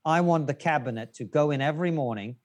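A man's voice: fairly high pitch, fast talker, darkish tone. A man talking as a podcast guest, wry and opinionated, arguing his points in casual conversation.

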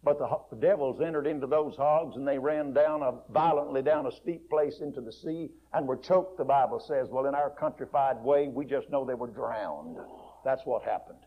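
A male preacher retelling a story in a folksy, dramatic sermon, swinging between soft, quiet passages and loud, raised ones. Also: mid-range voice, normal speed. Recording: muffled lo-fi recording.

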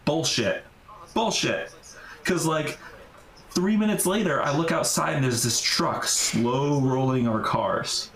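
A man's voice: fairly high pitch, unhurried, fairly bright tone. Man telling a wild story in an echoey room. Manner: rambling, heavy use of "like", swearing. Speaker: podcast guest, urban explorer. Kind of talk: casual storytelling.

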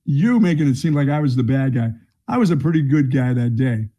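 Casual guy on sports radio, blunt rambly storyteller, warm dark voice. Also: medium pitch, animated, fairly quick. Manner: blunt, rambling storyteller who laughs at his own jokes. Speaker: radio sports show co-host. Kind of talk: casual banter.

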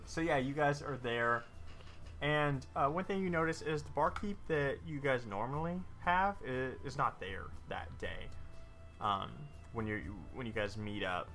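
A man's voice: medium pitch, a little slow, pushed and bright, soft background music. A man with a slight lisp running a tabletop game as game master on a podcast, rambling and correcting himself.

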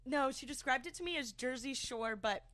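A young American woman co-hosting a podcast, telling stories in a giggly, animated casual chat full of fillers. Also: sits high, a little fast. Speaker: podcast co-host.

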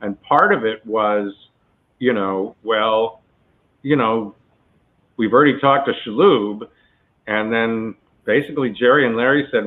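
A male actor being interviewed, telling a long story in a relaxed, chatty way with many asides. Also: fairly low pitch, measured pace. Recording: tinny phone-like line.

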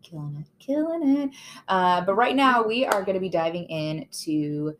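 A woman's voice: fairly low pitch, lively intonation, normal speed, slight background noise. A woman co-hosting a casual podcast, playful and bubbly, laughing often. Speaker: podcast co-host. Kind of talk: casual chat.

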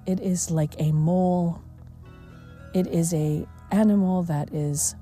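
A woman hosts a reflective mindfulness talk at a slow, unhurried pace. Her voice is very mellow and dark, a little lower than most, and now and then drops to a near hush. Faint music plays behind her. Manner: gentle and unhurried, with soft laughs and hushed moments. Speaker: mindfulness podcast host.

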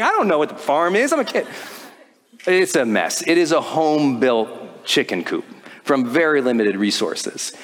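A man giving a motivational talk to a live audience, telling a story and acting out the voices in it. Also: fairly high pitch. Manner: animated storytelling, acts out quoted voices. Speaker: motivational speaker. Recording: long hall reverb.

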